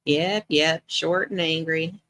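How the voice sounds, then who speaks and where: A woman's voice: sits low, fairly even intonation, slow pace, fairly bright tone. A middle-aged woman hosting a casual livestream chat, greeting viewers by name and laughing often as she talks. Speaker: livestream host.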